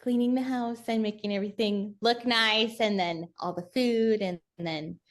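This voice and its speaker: A woman's voice: medium pitch, fairly even intonation, normal speed. A woman in her thirties, a podcast guest who chats casually and laughs often. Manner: laughs often, soft and chatty. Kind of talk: casual chat.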